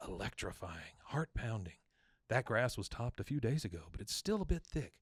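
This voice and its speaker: Male podcaster as a low, hushed golf announcer, dramatic, dry. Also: sing-song, moderate pace, slightly rough, no echo.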